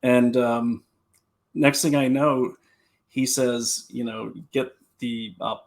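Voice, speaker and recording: A security consultant with a medium-pitched voice takes it slowly, telling stories and offering safety advice on a live stream from home, talking to his computer. He's an animated storyteller who often restarts sentences, repeating words as he begins.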